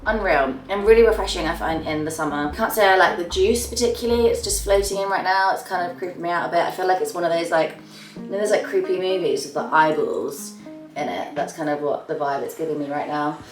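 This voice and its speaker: In this casual to-camera chat, a young woman who does beauty vlogs rushes through her monthly favourites, gushing and drifting off at phrase ends. She has a fairly low voice and is heard on a distant mic, the sound roomy and slightly off mic with faint music.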